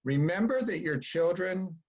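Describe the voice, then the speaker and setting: A middle-aged man giving an informal lecture to parents, animated and coaching, acting out what parents and children say. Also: high voice, unhurried. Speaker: psychologist giving a parent talk. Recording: dull lo-fi sound.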